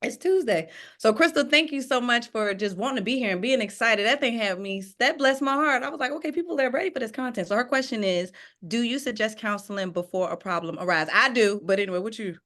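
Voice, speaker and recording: A woman's voice: a little high, fairly quick, sharp tone. Hyped-up woman host on a call. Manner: playful, hyped, reading out audience questions. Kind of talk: casual chat. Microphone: video call.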